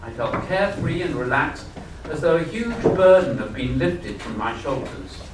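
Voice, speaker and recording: A man's voice: fairly high pitch, animated, normal speed. Man reading his story to a room, earnest and confiding, echoey hall, mic far off, some noise. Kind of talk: live reading of a first-person story. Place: festival event hall.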